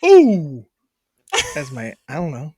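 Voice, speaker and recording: Podcast co-host, casual chat, laughing, swearing, self-mocking, animated pitch, dry close mic. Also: normal speed, dry recording. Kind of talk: casual chat, attempting accents.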